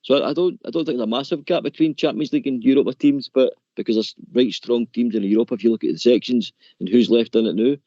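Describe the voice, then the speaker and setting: A man's voice: medium pitch, fast talker, few pauses, dark tone, no echo. A man calling in to a radio phone-in, rambling about football with lots of "you know". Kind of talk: casual phone-in chat. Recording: dull dry lo-fi line.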